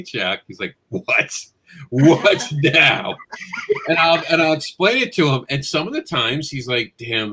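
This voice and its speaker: A man who writes comics, talking bluntly and jokingly in a casual panel chat. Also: a little high. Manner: blunt, animated, jokey storytelling.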